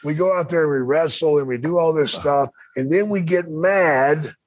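A man's voice: a little high, normal speed, no room sound. An older man chatting on a podcast, blunt and drawling, with salty language. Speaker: podcast guest, former wrestler. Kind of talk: casual chat.

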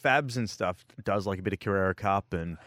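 A man's voice: sits low, a little fast, a bit bright, dry recording, studio quality. A man co-hosting a casual motorsport chat, rambling with lots of filler words and laughing at his own stories. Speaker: co-host.

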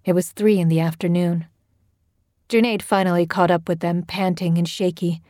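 A woman narrates a horror story in a measured, scripted way. Her voice is low and mellow, recorded close and dry with no room sound. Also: fairly even intonation, no room sound.

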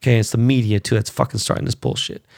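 A man with a gravelly, mid-pitched voice hosts a casual podcast. He rants bluntly, swearing freely and getting heated. The sound is close and dry, with no room echo. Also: fairly even intonation, fast talker, darkish tone. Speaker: podcast host. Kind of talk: casual rant.

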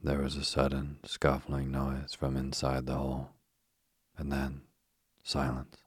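A man softly reading a children's storybook aloud as a soothing, unhurried sleep story on a close mic. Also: extremely low pitch, monotone, breathy edge, no echo. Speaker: bedtime story reader. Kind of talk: slow sleep story narration.

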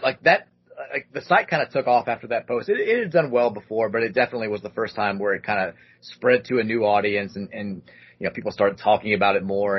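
A man in his thirties hosting a podcast, telling a story in a casual, animated way and acting out other people's lines with lots of "like". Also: lowish voice, husky, highs cut off. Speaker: podcast host.

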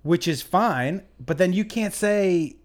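Animated man joking on a podcast. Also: sits high. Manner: animated, swearing, quick to laugh. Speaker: podcast co-host and comedian. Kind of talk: casual comedy podcast chat.

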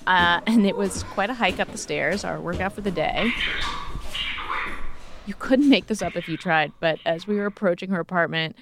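A woman's voice: on the low side, moderate pace, noisy background. Playful woman co-host narrating a podcast.

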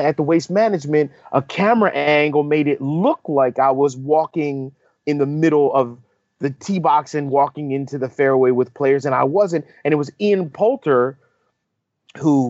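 Animated man telling a golf story. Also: a little high, dry recording, highs cut off. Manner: animated storyteller, acts out quotes. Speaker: podcast co-host, on-course reporter. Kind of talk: casual storytelling chat.

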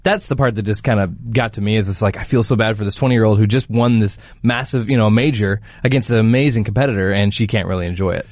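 A man's voice: on the low side, fast talker, hardly any pauses, darkish tone, no echo, studio quality. A man co-hosting a sports talk show, chatting casually and agreeably.

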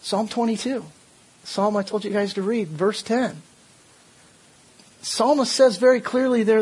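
An older man preaching a sermon as pastor, earnest, with stumbling restarts, building to forceful emphasis. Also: sits high, unhurried, pauses often, breathy edge.

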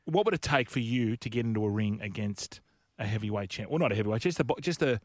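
A man's voice: on the low side, lively intonation, fast, dry recording, studio quality. A man hosting a radio show, quizzing his guest with jokes in casual chat. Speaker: radio host.

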